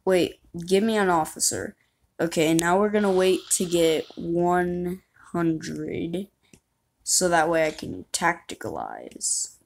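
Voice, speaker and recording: A woman's voice: fairly low pitch, very animated, takes it slowly, creaky, slight background noise. A woman chatting and rambling as she plays a game, giving commentary and poking fun at herself. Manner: chatty, rambling, self-mocking. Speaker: gamer. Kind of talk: gameplay commentary.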